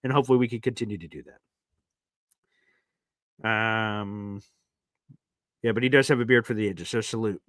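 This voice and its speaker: Animated guy hosting a live fan stream, bright punchy voice, super dry sound. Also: lowish voice, normal speed, long pauses, no echo. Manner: animated, chatty, shifts between hype and heartfelt. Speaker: sports podcast host.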